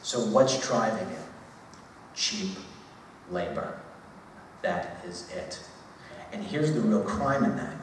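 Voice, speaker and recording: In a low-ish voice with big pitch swings, a man in his forties delivers a slow, emphatic, conversational speech at a university lecture hall, leaving long pauses and repeating words for stress. The echoey recording carries his voice from afar with a little hiss or hum.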